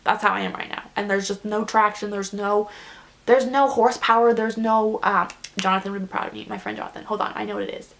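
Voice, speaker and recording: A woman's voice: medium pitch, fairly even intonation, fast talker, gravelly, a bit bright. A young woman vlogging a casual confession, rambling and self-deprecating, close to tears. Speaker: beauty vlogger.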